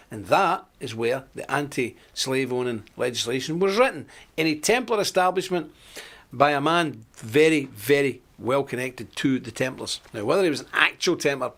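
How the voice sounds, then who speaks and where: A man's voice: medium pitch, a bit bright. An older Scottish man hosting a live online show, talking in a chatty, joking way and reading out viewer comments. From Scotland. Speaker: host of a live web show. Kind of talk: live-stream monologue.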